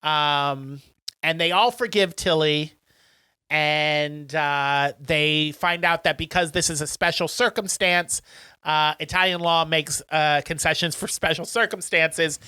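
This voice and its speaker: A man co-hosting a casual podcast who walks through a film's plot scene by scene. He slips into the characters and pitches his voice up for their lines. His tone is bright and very clean, recorded close and dry. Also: unhurried, clear, resonant tone, no echo. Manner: animated retelling, acts out characters in raised voices. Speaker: podcast co-host. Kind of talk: casual chat recapping a film.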